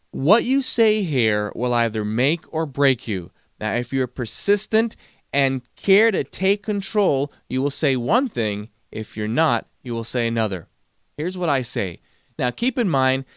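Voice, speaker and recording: A man's voice: fairly high pitch, fairly bright tone, clear, resonant tone, no echo, clean studio sound. A man giving a motivational talk, telling stories and acting out the quoted voices. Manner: storytelling, acts out quoted voices. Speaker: motivational speaker.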